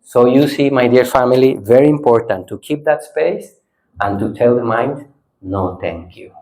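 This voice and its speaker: A man, a Buddhist monk, gives a retreat talk in simple non-native English, often tagging his sentences with a questioning "ne?". He is playful and animated, jumping high and loud when he gets excited, then sinking into slow, soft stillness. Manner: animated, playful, swings from lively to hushed. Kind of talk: dharma talk with audience exercises.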